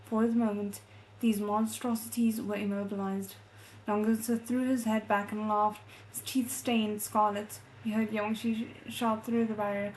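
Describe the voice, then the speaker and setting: A woman reading a novel aloud as a readalong host, soft and measured, breaking off to react with feeling. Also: medium pitch, little pitch movement, slight background noise. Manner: emotionally invested, breaks off to react.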